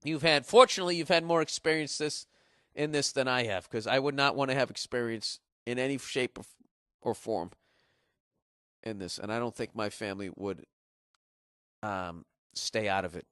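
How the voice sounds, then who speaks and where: A man's voice: mid-range voice, normal speed, fairly bright tone, smooth, no echo, clean studio sound. A man in his forties hosting a podcast, rambling comedically with a profane, sarcastic edge. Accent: Boston. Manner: profane, sarcastic, riffing to listeners. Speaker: podcast host.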